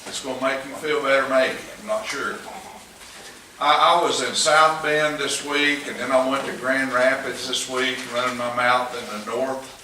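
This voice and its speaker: A man's voice: medium pitch, steady tone, moderate pace, sharp tone. A man with an East Tennessee accent teaching a Sunday school class, folksy and joking, chuckling often. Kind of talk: casual church class talk. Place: church classroom. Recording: echoey room, mic far off, noisy.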